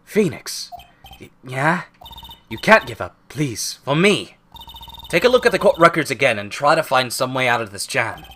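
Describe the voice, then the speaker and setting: A man's voice: mid-range voice, very animated, moderate pace, sharp tone, a little hiss or hum. A man reading as an earnest young female sidekick. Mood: pleading. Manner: pleading, encouraging.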